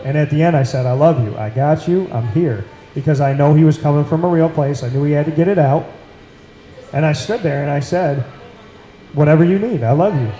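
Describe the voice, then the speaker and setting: A man with a Central New York accent talks earnestly on a casual talk show. His voice sits a little high but sounds dark and mellow. The room around him is echoey. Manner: earnest, emphatic, repeats phrases for weight. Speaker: podcast host.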